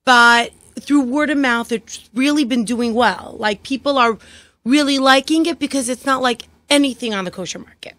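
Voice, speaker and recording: A woman with a thick New York accent talks eagerly in a casual studio chat. Her voice sits fairly high. The sound is dry and close. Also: moderate pace, fairly bright tone, no echo. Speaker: guest, liqueur maker.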